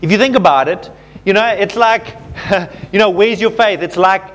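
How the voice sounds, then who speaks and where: A man preaching a sermon to his congregation, telling stories in a relaxed, conversational way, full of fillers and self-deprecating asides. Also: sits high, normal speed. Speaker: pastor.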